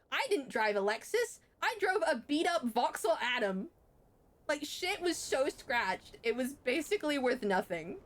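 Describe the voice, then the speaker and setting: A young woman streamer telling a story in casual chat, swearing freely and jumping sharply in pitch. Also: expressive, moderate pace.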